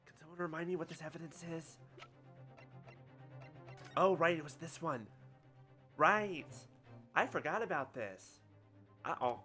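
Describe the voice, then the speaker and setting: A streamer making quick, joking asides while playing a game on a livestream. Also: medium pitch, pushed and bright, faint music behind. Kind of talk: casual livestream commentary.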